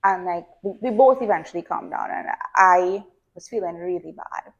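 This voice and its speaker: A young adult woman, a behaviour analyst guest, calmly explaining and telling stories from her own life in a casual podcast chat. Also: fairly low pitch, moderate pace, dull audio. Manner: calm, explanatory, tells personal stories. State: pregnant.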